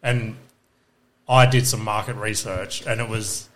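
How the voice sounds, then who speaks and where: A man's voice: fairly low pitch, fairly even intonation, a little slow. A young Australian man, a podcast co-host, telling stories in casual chat, swearing freely and acting out what people said.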